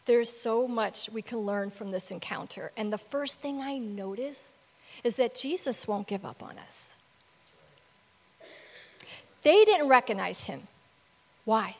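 A woman's voice: on the high side, expressive, unhurried, long pauses, big-room sound. A woman preacher delivering a sermon, retelling scripture in an emphatic storytelling manner. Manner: storytelling, emphatic with varying loudness.

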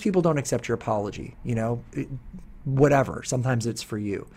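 A man's voice: medium pitch, a little fast, darkish tone. A middle-aged man hosting a podcast, talking in an earnest, rambling way with many restarts. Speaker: podcast host. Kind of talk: casual podcast chat.

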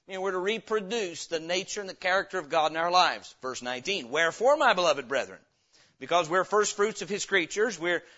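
A man preaching a sermon as pastor, reading scripture slowly and breaking into sudden loud, emphatic bursts. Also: sits high, animated, highs cut off.

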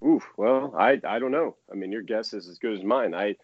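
A man in his thirties, a baseball pitcher from the United States, chatting as a guest in a casual interview, rambling and laughing often. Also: moderate pace, husky, dry recording, lo-fi sound.

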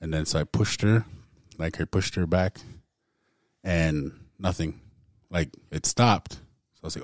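A man's voice: low voice, unhurried, dry recording, clean studio sound. A man casually telling a personal story to a group, laid back and full of "man" and "like". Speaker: guest storyteller.

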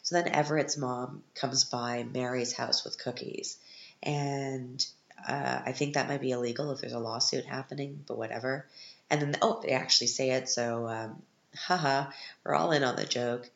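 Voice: medium pitch, steady tone, moderate pace, creaky, roomy sound, lo-fi sound. A podcast host giving a casual, sarcastic recap of a film, sounding exasperated with it.

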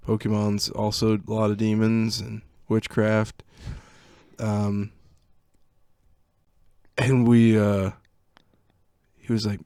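Young male podcast co-host, lowish voice, dry close mic, laughing storyteller who acts out quotes. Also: completely flat delivery, takes it slowly, pauses often, darkish tone, smooth, no room sound. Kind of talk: casual storytelling chat.

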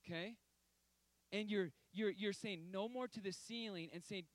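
A man's voice: high-pitched, normal speed, no echo, rough recording. Emphatic man preaching a sermon. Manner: storytelling, emphatic with sudden loud outbursts.

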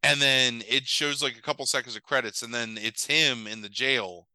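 A man's voice: mid-range voice, moderate pace, clean tone, dry recording, poor audio. A man in casual chat, rambling and swearing as he retells a film plot. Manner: rambling, profane, animated retelling with quoted voices. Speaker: podcast co-host recapping a movie.

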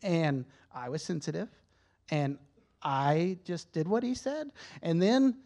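Slightly high-voiced man giving testimony. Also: big pitch swings, takes it slowly, a little mellow. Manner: conversational, candid, self-correcting; openly emotional at times. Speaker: church speaker. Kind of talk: sermon-style personal testimony.

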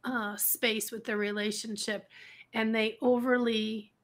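A woman's voice: a little high, little pitch movement, a little slow. A woman coach in a casual chat, explaining her ideas thoughtfully.

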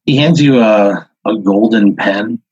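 A man improvising a comic tabletop story as game master, halting and rambling as he narrates. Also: on the low side, darkish tone, husky, dry recording. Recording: dull, dry lo-fi audio.

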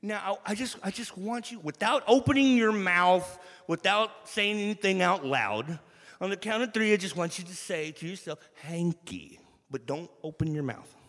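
Animated man preaching in a reverberant hall. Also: high voice. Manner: animated, drawn-out emphatic build-ups. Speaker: church speaker. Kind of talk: inspirational church talk. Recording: long reverb of a large hall.

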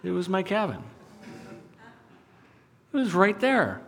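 Animated preacher in a reverberant hall. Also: male voice, high voice, takes it slowly, gravelly, faint music behind. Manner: storytelling with sudden swings from loud to hushed. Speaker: pastor. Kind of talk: sermon.

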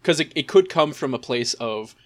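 A man chatting casually as co-host of an anime recap show. He rambles with plenty of fillers and slips into playful little voices for the characters' thoughts. His pitch sits at an ordinary middle height for a man. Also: lively intonation, normal speed. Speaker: podcast co-host.

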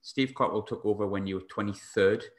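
Low-voiced podcast host in an echoey room. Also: male voice, fast talker. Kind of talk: casual podcast interview.

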